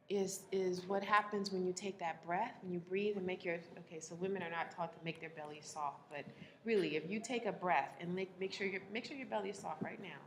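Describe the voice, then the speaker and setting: A woman relationship coach speaking to a live audience, animated, laughing often and acting out the people she quotes. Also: on the low side, a little hiss or hum.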